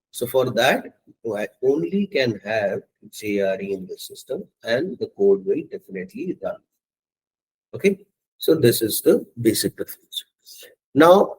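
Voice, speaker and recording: A man teaching a software testing course, walking students step by step through setting up Java and often checking in with "okay" and "right". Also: mid-range voice, slightly rough, rough recording. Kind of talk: screen-share coding tutorial.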